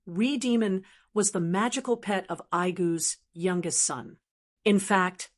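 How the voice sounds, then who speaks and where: A mid-pitched female narrator reads from a fantasy audiobook. She keeps an even, steady tone throughout, with the deliberate pacing you'd expect from a script.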